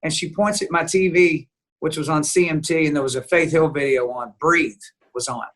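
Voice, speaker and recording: A man being interviewed as a guest songwriter, telling an animated story and acting out the dialogue. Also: fairly high pitch, normal speed. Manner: lively storyteller who acts out quoted dialogue. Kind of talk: animated storytelling in casual chat.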